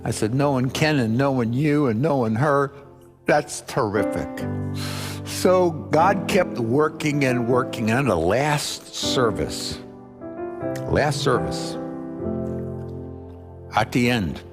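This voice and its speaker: A man's voice: medium pitch, expressive, slow, long pauses. A man preaching, telling a story and acting out the dialogue as he goes. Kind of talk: sermon storytelling. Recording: music playing underneath.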